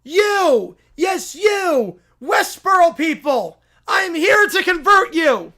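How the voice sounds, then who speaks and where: A man's voice: extremely high pitch, very animated, takes it slowly, bright, forceful tone, voice pushed up, exaggerated voice. A man voicing a self-righteous male preacher of a silly pizza religion who shrieks and rants in constant indignation. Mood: ranting outrage.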